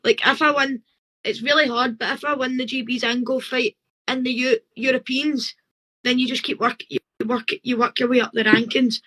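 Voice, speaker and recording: A man's voice: extremely high pitch, level tone, normal speed, bright, forceful tone, poor audio. A boy of twelve from Scotland with a Scottish accent, an amateur boxer answering eagerly on a live call-in interview. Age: 12-year-old boy. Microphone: phone or video call.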